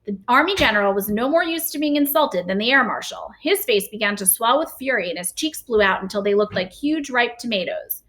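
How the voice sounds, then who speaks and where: A woman narrates a storybook aloud with expressive, lively delivery. Her voice sits slightly high and rises and falls freely. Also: fairly quick, few pauses. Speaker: reader.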